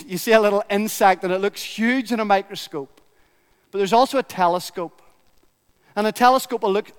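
A man's voice: high voice, clean tone, long reverb tail. A man preaching a sermon in a church, emphatic and building his points through repetition.

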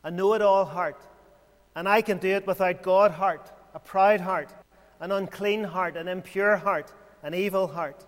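A man preaching a sermon in a measured way, full of rhetorical questions and repeated phrases. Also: high-pitched, fairly even intonation. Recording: long hall reverb.

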